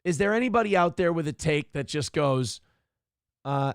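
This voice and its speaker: A man's voice: a little high, expressive, normal speed, clear, resonant tone, no echo, studio quality. A man hosting a casual live stream, reading chat messages aloud and reacting in a profane, sarcastic, rambling way. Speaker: show host.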